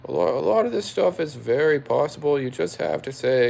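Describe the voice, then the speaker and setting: A man's voice: fairly high pitch, animated, fairly quick, gravelly, darkish tone. A tipsy man hosting a livestream, reading chat aloud and answering in a rambling way, repeating himself often. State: tipsy after a few drinks.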